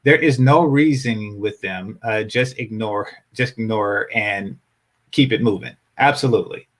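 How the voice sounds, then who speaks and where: Bright-voiced man hosting a panel. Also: on the low side, unhurried. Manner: joking, laughs often. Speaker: host. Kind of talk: casual panel chat.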